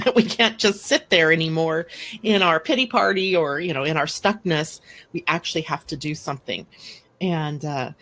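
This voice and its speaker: Low-voiced middle-aged woman telling stories. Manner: animated storyteller who acts out quoted speech. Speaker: astrologer host of a live show. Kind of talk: casual conversational storytelling.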